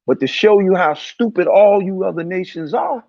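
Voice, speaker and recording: A man's voice: sits high, normal speed, vocal fry. A man with a somewhat raised voice rails through casual religious commentary, circling back to the same points with preachy heat. The recording is dull and lo-fi, with a dry, close sound and no room echo. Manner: heated, preachy, repeats himself.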